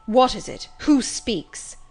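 A woman reading aloud and voicing a blind, brooding older gentleman who swings between commanding demands and desperate pleading. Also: mid-range voice, fairly even intonation, a little slow, soft background music, close to an everyday voice. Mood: demanding. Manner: urgent, imperious, pleading outbursts.

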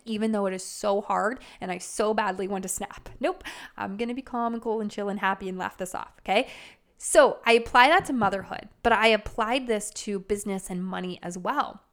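A woman's voice: on the high side, a bit bright. A woman in her thirties hosting a podcast, talking candidly in a casual motivational monologue, swearing freely and acting out her own inner voices. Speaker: podcast host.

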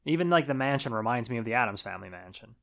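A man co-hosting a podcast, casually recapping a movie with a laid-back manner, swearing now and then and trailing off quietly. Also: medium pitch, lively intonation, racing, vocal fry. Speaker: podcast co-host.

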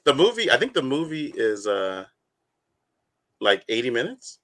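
A man's voice: mid-range voice, normal speed. A man hosting a podcast in casual chat, laughing easily and passing questions to his co-hosts. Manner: bright, laughing, lively. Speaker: podcast host.

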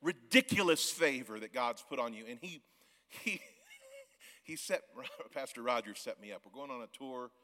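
A man in his forties, a guest pastor from the Missouri Ozarks, preaching a sermon in a church auditorium, loud and yelling, often laughing. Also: medium pitch, lively intonation, normal speed. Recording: long church hall reverb.

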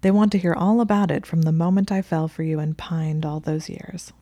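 A smug, teasing young wizard who likes to tease his wife , read by a woman. The voice sits low and mellow with a gravelly edge. It is recorded close and dry. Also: steady tone, fairly quick, no room sound. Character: teasing possessive young male wizard librarian.

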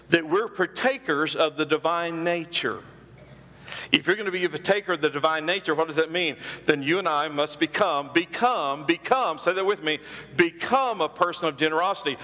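A male pastor delivers a sermon in a church sanctuary, his voice high and bright. He repeats phrases for emphasis and poses questions to the congregation, while a long reverb lingers after each line.

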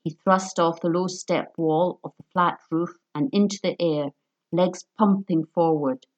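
A woman reading a story aloud in a measured, even narration. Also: lowish voice, dull audio.

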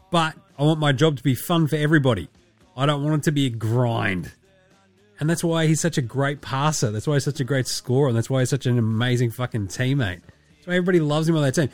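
Loose, sweary Australian podcast host. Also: male voice, medium pitch, a little fast, no room sound, soft background music. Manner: loose, profane, laughing, rambling. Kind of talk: casual sweary podcast chat.

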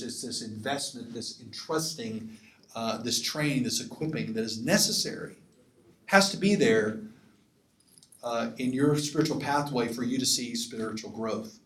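A man teaching at a conference like a pastor, emphatic and often asking the audience for agreement. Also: medium pitch. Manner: emphatic, asks the crowd for assent. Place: conference hall. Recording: echoey hall.

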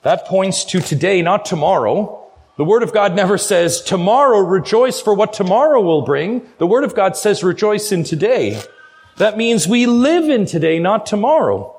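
A middle-aged man preaching a sermon as a guest pastor, earnest and urging, slowing down hard on key phrases. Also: high voice, big pitch swings, a little mellow, husky. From Canada.

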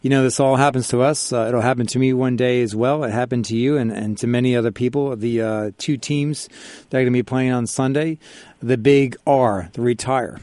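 A man's voice: mid-range voice, steady tone, brisk, darkish tone, no room sound. A male radio host interviewing a guest in a friendly, joking way. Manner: friendly, jokey questions.

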